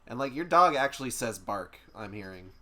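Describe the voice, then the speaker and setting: A man streaming a game, chatting casually and excitably, now and then slipping into silly voices. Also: medium pitch, brisk. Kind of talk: casual gameplay chat.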